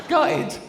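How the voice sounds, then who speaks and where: A middle-aged man doing stand-up comedy, telling stories with mock voices and animated outbursts. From England. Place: large theatre stage. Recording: reverberant hall with audience noise. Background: audience laughter.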